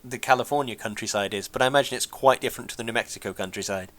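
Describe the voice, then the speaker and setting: A man from England, co-hosting a casual podcast chat, talking in quick restarts and laughing often. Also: medium pitch, a bit bright. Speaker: podcast co-host.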